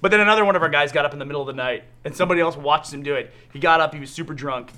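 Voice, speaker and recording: A man's voice: fairly high pitch, very fast, bright, forceful tone. A man co-hosting a podcast, telling a profane story in casual chat and laughing often. A crowd can be heard in the background. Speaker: podcast co-host.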